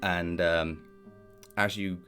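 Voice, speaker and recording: A man narrating a tabletop game as game master, relaxed and rambling with many hesitations. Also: low-pitched, slow pace, soft background music.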